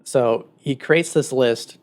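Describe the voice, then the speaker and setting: A man's voice: medium pitch, slow, smooth. Man, podcast co-host, casual rambling chat, lots of filler words. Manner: rambling retelling with filler words and acted quotes.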